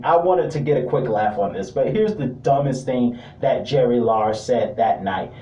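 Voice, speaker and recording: A man's voice: medium pitch, mellow. A man giving a casual wrestling review, rambling with joking asides. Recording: roomy sound, distant mic.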